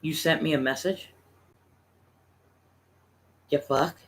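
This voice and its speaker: A man in his thirties spins a loose, profane family story for his stream. His voice sits high and bright. He talks in a casual, rambling way. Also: fairly even intonation, takes it slowly, rough recording. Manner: profane, laughing anecdote-teller.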